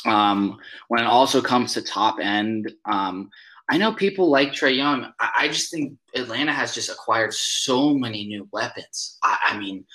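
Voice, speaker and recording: A man's voice: on the low side, bright, forceful tone, echoey room, poor audio. A man co-hosting a casual sports chat, hesitant and self-correcting with many ums.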